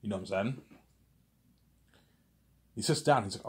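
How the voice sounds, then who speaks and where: A man's voice: fairly low pitch, moderate pace. A man telling a long, rambling story casually, repeating words often and adding constant filler tags.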